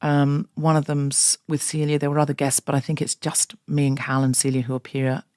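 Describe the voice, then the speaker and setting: A woman podcast host giving a fond, gentle spoken introduction to an episode. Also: low voice, flat delivery, brisk, dry recording, studio quality.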